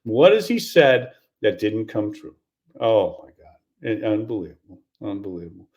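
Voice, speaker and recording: An older golf coach rants with incredulous exasperation in a fairly low, very animated, slightly mellow voice at normal speed. Giving his commentary as an opinionated rant, he restarts, repeats himself and laughs sarcastically.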